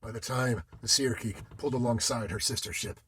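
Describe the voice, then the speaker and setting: A man's voice: mid-range voice, brisk, a bit bright, a little hiss or hum. A man telling a ghost story dramatically, in the voice of an old-time sailor recounting his tale. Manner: old-time sailor's speech, theatrical delivery.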